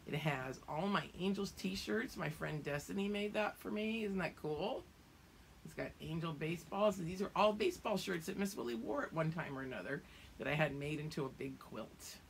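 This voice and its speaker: A middle-aged woman, a preschool teacher at home, reading a picture book aloud to small children in a gentle, singsong way. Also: low voice, moderate pace, vocal fry, slight background noise. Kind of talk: children's storybook read-aloud.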